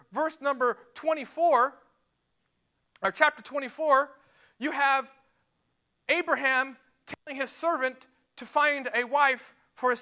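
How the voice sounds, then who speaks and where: A man's voice: very high voice, bright, forceful tone. A man preaching a sermon to a church, emphatic and repeating words as he builds his points. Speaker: pastor. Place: church sanctuary.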